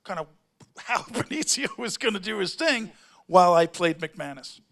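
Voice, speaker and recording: At a convention panel, a middle-aged man, an actor, tells a meandering tale in a high, fairly bright voice with lively intonation and a moderate pace. He interrupts himself, restarts his sentences, and acts out what others told him.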